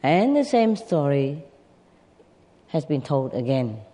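A storyteller narrating an animal fable at an unhurried pace, with sighs, small laughs and asides to listeners. The voice is mellow and dark. A long reverb fills the space. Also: medium pitch, big pitch swings.

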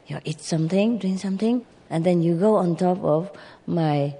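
The narrator doing a soft, soothing buffalo. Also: mid-range voice, moderate pace, breathy edge. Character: big gentle buffalo, calm protector. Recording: long hall reverb.

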